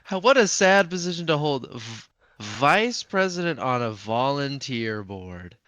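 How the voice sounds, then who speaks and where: A man's voice: mid-range voice, sing-song, a little slow, a bit bright, no room sound. A man co-hosting a comedy podcast, jumping in with playful jokes and bits. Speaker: podcast co-host. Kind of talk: casual comedic banter.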